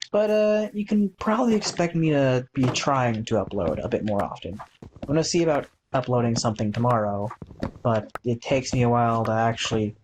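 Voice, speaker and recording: A young man at a middle pitch chats loosely over his game footage, trailing off and restarting his thoughts. He sounds easygoing and a little self-deprecating, with faint noise in the background. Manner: rambling, self-deprecating, many fillers and restarts. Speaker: gaming channel host. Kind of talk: casual gameplay commentary.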